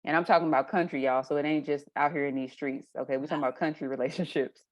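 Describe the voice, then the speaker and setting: Low-voiced woman telling stories. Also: quick pace. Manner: animated storyteller, acts out her own reactions. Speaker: guest. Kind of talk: casual conversation.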